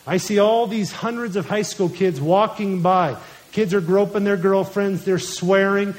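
A man's voice: high voice, fairly even intonation, measured pace, rough recording. A man in his thirties preaching a sermon, telling illustrative stories from family life and quoting scripture in an earnest manner. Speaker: pastor.

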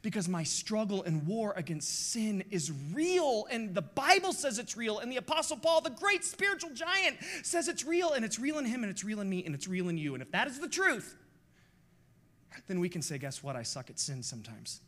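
A man's voice: extremely high pitch, sing-song, normal speed, a bit bright. A pastor in his forties preaching a sermon in a passionate, confessional, emphatic way.

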